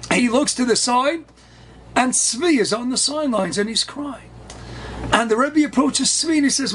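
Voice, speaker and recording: A man, a rabbi, telling a story in a lively sermon style, who acts out the children's voices and mixes in Hebrew and Yiddish words. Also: very high voice, moderate pace, a little hiss or hum.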